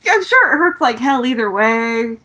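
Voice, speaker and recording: A woman's voice: a little high, expressive, moderate pace, sharp tone. A woman co-hosting a podcast, recapping wrestling in blunt, sarcastic casual chat and swearing freely. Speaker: podcast co-host.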